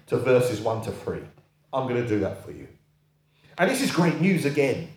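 A man's voice: mid-range voice, very animated, moderate pace, long pauses, roomy sound. A man preaching a sermon, repeating key phrases for emphasis and putting rhetorical questions to the congregation.

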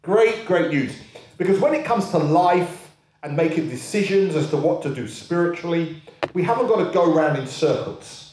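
A man's voice: a little high, expressive, normal speed, a little mellow, echoey room, a little hiss or hum. A man preaching a sermon, repeating key phrases for emphasis and putting rhetorical questions to the congregation.

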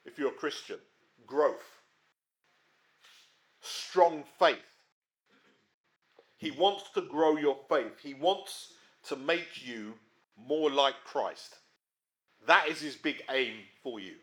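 A man preaching a sermon in a conversational way, often checking in with his listeners and swinging between emphatic rises and quiet drops. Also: a little high, slow, long pauses. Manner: conversational, frequent tag questions.

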